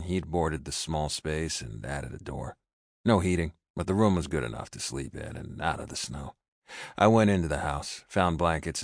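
Male audiobook narrator, extremely deep voice, dry close sound, measured first-person read. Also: no room sound.

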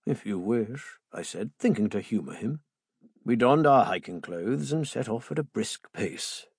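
A man narrates a story in a measured first-person tone, and his pitch moves expressively. His voice is slightly husky, and the recording is close and dry. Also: expressive, no room sound. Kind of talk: audiobook narration.

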